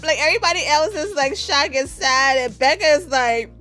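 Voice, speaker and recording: A woman giving a live reaction to a TV show, animated and slangy, laughing often. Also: high-pitched, normal speed, hardly any pauses, faint music behind. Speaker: TV show reviewer.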